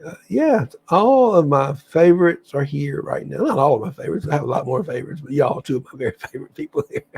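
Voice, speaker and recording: A man's voice: fairly high pitch, sing-song, fast, gravelly, darkish tone, breathy edge. A man hosting a spiritual livestream, chatting casually and enthusiastically to viewers, rambling and often restarting his sentences. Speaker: livestream host.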